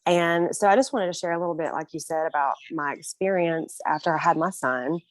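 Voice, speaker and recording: In a casual interview, a young woman guest tells her own story with earnest emotion, frequently breaking into little laughs. Her deep voice moves briskly, and the recording has no room sound.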